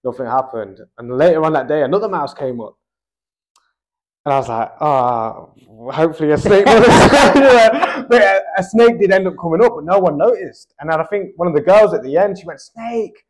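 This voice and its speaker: A young Australian man tells a story in relaxed, rambling conversation, leaning on fillers like "like" and "bro". His voice sits a little higher than most men's. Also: fairly quick. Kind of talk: casual chat, telling a story.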